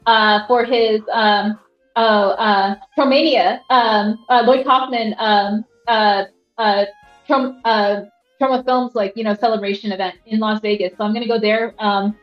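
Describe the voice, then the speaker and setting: A young woman hosting a casual livestream, rambling with lots of fillers and reading chat aloud from a rented apartment. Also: fairly high pitch. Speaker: livestream host. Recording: roomy, slightly dull sound.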